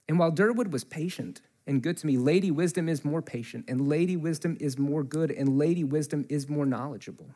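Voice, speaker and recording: A man preaching a sermon in a church, telling a story in a loose conversational way and quoting the people in it, with a mic close to his face. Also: medium pitch. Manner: conversational, animated storytelling with quoted voices. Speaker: pastor.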